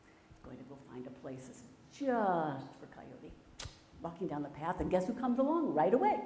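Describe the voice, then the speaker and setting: Animated woman telling a children's story. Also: on the low side, normal speed. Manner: animated, sound effects, playful. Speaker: storyteller at a congregation service. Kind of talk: children's story time narration. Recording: echoey hall with long reverb.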